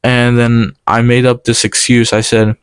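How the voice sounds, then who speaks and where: A young man recounts a personal story in a casual, animated way, slipping into the lines of the people involved. His voice is clear and smooth at a medium pitch. The recording is dry and close, with no room sound. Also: no echo. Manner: animated, quoting others in quick exchanges.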